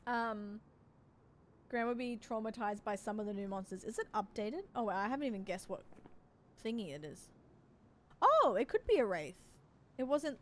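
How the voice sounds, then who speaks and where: A woman's voice: fairly high pitch, animated, normal speed, long pauses, slight background noise. A young woman, chatting casually and rambling with her stream viewers from home. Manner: rambling, chatty, laughs often.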